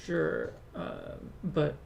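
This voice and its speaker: Slow, gravelly-voiced streamer. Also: medium pitch, fairly even intonation, a little mellow, dull audio, slight background noise. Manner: hesitant, restarts often. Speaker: streamer designing creatures. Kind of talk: casual live-stream chat.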